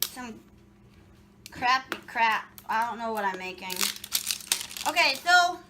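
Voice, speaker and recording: A woman's voice: on the high side, very animated, a little slow, background noise. A woman vlogger chatting casually and jokingly while making a recipe in her home kitchen. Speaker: cooking vlogger. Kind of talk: casual chat while cooking.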